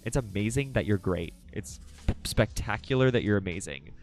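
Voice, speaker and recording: Lively, excitable young man streaming. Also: normal speed, soft background music. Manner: excitable, swings into loud high squeals. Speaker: livestream host. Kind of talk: casual late-night stream chat.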